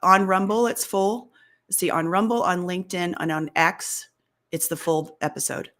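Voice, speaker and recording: A middle-aged woman hosting a coaching show, talking a caller through his fears in a lively, hands-on way. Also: on the low side, moderate pace. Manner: animated, acts out inner voices. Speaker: fear coach and host. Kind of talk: live coaching session.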